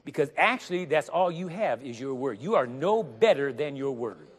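A man preaching a sermon with emphasis, getting louder and slowing down on the words he stresses. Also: mid-range voice, animated. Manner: emphatic, rising to loud stressed phrases, slows down on scripture. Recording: long reverb of a large hall.

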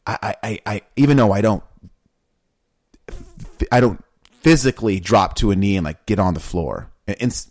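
Animated rambling man, low voice. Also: moderate pace, pauses often, no echo. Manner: animated, rambling, many restarts. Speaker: podcast co-host. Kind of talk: casual faith discussion.

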